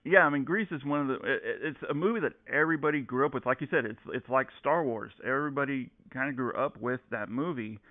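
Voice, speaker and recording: A male host asking interview questions in a halting way, restarting as he goes. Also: medium pitch, dry recording. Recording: dry, thin phone-like audio.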